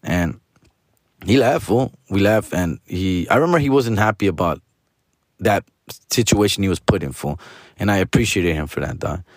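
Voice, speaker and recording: A man's voice: sits low, lively intonation, normal speed, no room sound, studio quality. A man in his forties with a Chicano Los Angeles accent tells a story in a casual, profane monologue. He mixes in Spanish, rambles, restarts his sentences and keeps calling the listener "fool" and "dog". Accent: Chicano English from Los Angeles.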